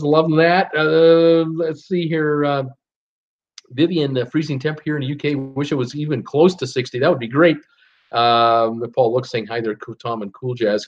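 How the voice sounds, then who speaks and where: A man hosts a live stream in a casual, rambling way, reading out viewers' comments and filling gaps with "uh"s and small chuckles. His voice sits a little high for a man. The stream audio is dull and lo-fi. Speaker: live show host reading chat.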